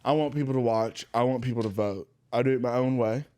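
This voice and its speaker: A man's voice: medium pitch, fast, a little mellow, smooth. Man making a joking, earnest plea. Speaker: podcast co-host. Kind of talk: casual podcast chat.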